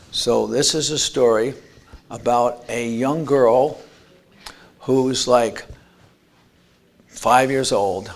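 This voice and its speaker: A man's voice: mid-range voice, gravelly. A man giving an earnest motivational talk at an expo, telling stories and restarting words. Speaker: speaker. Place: expo lecture room.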